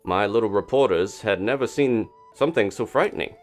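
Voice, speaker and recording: A man's voice: fairly low pitch, brisk, faint music behind, close to an everyday voice. A man voicing a chatty male pelican newspaper reporter in a folksy reporter voice, full of bird puns. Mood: hushed.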